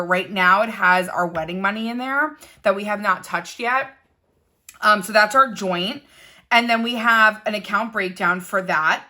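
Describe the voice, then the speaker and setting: A woman's voice: medium pitch, bright, forceful tone. A young woman chatting casually to her viewers in a rambling planning tutorial, full of asides and fillers. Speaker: digital planning content creator.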